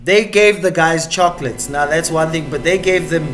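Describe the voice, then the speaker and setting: A man's voice: on the high side, moderate pace, fairly bright tone, faint music behind. A South African man hosting a live stream, chatting and joking in a rambling, casual way.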